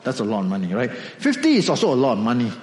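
A man preaching a sermon, animated storytelling with acted asides. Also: medium pitch, quick pace, roomy sound, in a large hall, rough recording. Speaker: pastor.

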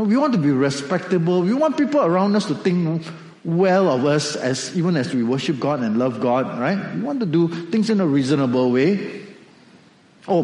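A man preaching a sermon, animated storytelling with acted asides. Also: a little high, echoey room, big-room sound, poor audio. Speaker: pastor.

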